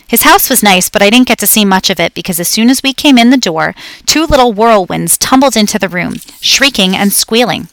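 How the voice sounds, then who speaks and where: A woman's voice: mid-range voice, animated, a little fast, fairly bright tone, dry recording. Woman reading a children's story. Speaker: audiobook reader. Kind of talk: scripted storybook narration.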